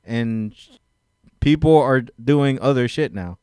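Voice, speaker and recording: A man's voice: medium pitch, animated, unhurried, warm tone, smooth, no room sound, clean studio sound. A man co-hosting a wrestling podcast in casual, jokey chat, laughing easily. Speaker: podcast co-host.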